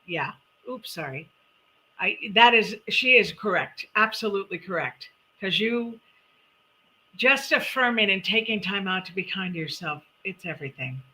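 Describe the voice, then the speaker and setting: A woman's voice: medium pitch, animated, normal speed, sharp tone, low-quality recording. A middle-aged woman hosting a live-stream, chatting animatedly and giving numerology readings. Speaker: numerologist host.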